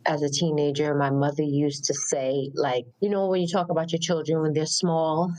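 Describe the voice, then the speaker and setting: A woman's voice: low-pitched, steady tone, moderate pace, a little mellow, poor audio. A middle-aged woman, a podcast co-host, reflectively telling personal stories in casual conversation and repeating words for emphasis.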